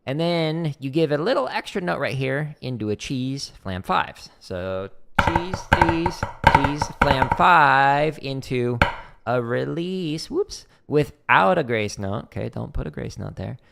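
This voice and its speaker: Here a drum instructor streams from his home practice room, counting rudiment patterns aloud into a desk microphone. His medium-pitched voice is expressive and creaky, a little slow, with background noise behind it, and his loose, chatty delivery is full of "like" fillers.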